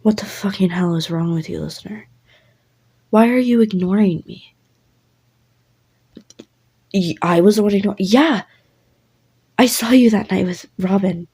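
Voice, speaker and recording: A jealous young man, furious and cursing as he demands answers, played by a woman. The voice sits low and gravelly, with a husky edge and a dark, mellow tone. This is a listener role-play story. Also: flat delivery, slow, long pauses, exaggerated voice.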